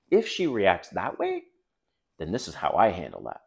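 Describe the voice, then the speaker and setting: Blunt, deep-voiced middle-aged man. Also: wildly swooping pitch, a little slow, creaky. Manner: blunt, swearing, keeps addressing the viewers as guys. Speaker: dating advice host. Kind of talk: casual talk to camera.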